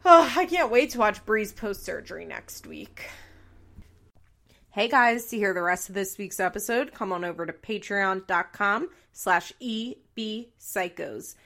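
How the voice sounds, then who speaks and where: A young woman hosting a podcast, recapping a reality show in casual, animated chat, sarcastic and quick to swear and laugh. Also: medium pitch. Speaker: podcast host.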